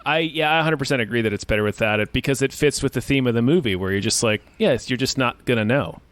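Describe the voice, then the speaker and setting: A man co-hosting a podcast, chatting casually about a film in a relaxed, agreeable way. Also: medium pitch, fast, no room sound. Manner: relaxed, agreeable, swearing now and then. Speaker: podcast co-host. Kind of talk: casual movie discussion.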